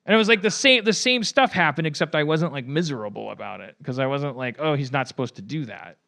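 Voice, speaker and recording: A man's voice: fairly high pitch, expressive, fast, vocal fry, bright, forceful tone. A man hosting a podcast, telling a long story in a rambling, self-mocking way with lots of profanity and restarts. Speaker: podcast host.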